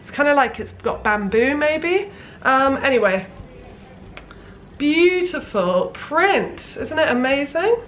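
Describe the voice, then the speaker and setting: A woman's voice: high-pitched, very animated, slow, a bit bright, a little hiss or hum. Chatty young woman vlogging. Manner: chatty, rambling, lots of fillers. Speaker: sewing vlogger. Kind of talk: casual chat. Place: parents' house, indoors.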